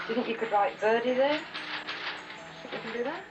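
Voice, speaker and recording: An actress playing a chatty, coaxing frontier woman, heard from a distance on a muffled film soundtrack with loud music. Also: on the high side, fast, lightly acted.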